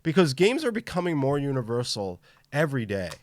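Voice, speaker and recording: Male podcast host, casual live-stream chat, enthusiastic but travel-tired, middle pitch, dry sound. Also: sing-song, a little fast, dry recording. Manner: enthusiastic, greets chat viewers by name.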